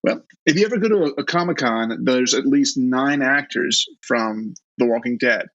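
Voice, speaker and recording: A man with a Southern US accent, an author chatting in an interview, self-deprecating and halting with many restarts. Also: medium pitch, fairly bright tone, no room sound, lo-fi sound. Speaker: guest author. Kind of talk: casual interview chat.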